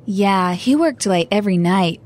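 A woman's voice: medium pitch, lively intonation, a little slow, darkish tone, natural voice. A woman voicing a polite young university student in a scripted dialogue for a language lesson. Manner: polite, earnest.

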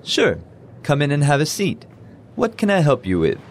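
A man's voice: fairly high pitch, slight background noise. A man voicing a friendly university professor in a scripted dialogue for a language lesson. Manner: relaxed, friendly, reads lines then slowly repeats them.

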